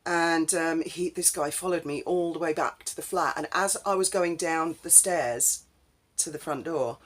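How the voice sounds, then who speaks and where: A woman's voice: deep voice, a little slow. A woman, telling a casual story in a chatty, rambling way full of ums. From England. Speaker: vlogger.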